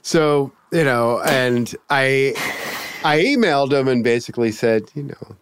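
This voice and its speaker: A man's voice: mid-range voice, animated, unhurried, smooth, no room sound. Guy rambling thru a story, lots of restarts, dry close sound. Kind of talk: casual chat.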